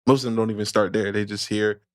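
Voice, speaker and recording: Relaxed low-voiced man talking casually. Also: quick pace, no room sound, clean studio sound. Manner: relaxed, conversational, fillers like "you know". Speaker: guest. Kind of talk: casual podcast conversation.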